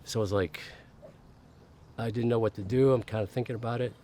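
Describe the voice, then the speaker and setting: A man's voice: mid-range voice, fairly even intonation, a little fast, dark tone, slight background noise. A middle-aged man telling a personal story as a podcast guest in a casual interview, candid and swearing freely, acting out the voices of the people he quotes.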